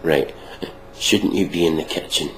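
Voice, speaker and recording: A man's voice: rumbling low, moderate pace, faint music behind, poor audio. A man giving mocking, sweary reaction commentary on a video, ranting sarcastically.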